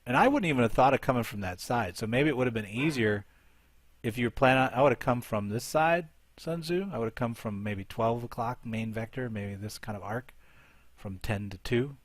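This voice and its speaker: A man's voice: mid-range voice, fairly quick, no room sound. A man hosting a live show, commentating game attack replays and thinking aloud as he looks for each one.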